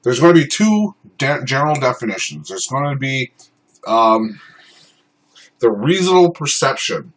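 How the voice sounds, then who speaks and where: Guy teaching self defense law off the cuff, lots of ums and uhs, middle pitch voice. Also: very animated, moderate pace, poor audio. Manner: informal, many ums and uhs, shouts out acted commands in examples. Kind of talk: unscripted explanatory talk.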